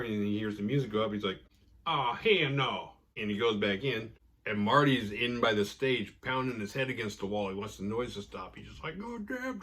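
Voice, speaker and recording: A man hosting a podcast, casually retelling a horror episode with profanity and quick acted-out quotes. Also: on the low side, a bit bright, breathy edge. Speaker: podcast host recapping episodes. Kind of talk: casual recap chat.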